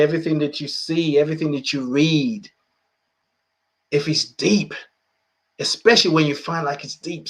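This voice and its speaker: Higher-voiced man musing on spirituality. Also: fairly bright tone. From United Kingdom. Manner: musing, repeats phrases, chuckles often. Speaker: podcast host. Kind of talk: reflective spiritual talk.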